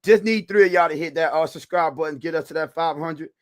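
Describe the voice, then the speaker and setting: A man's voice: fairly high pitch, fast, no room sound. Upbeat man hosting a live stream. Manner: laughs often, talks straight to the viewers; loose, rambling, with restarts. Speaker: podcast co-host on a live stream. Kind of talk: casual live-stream chat.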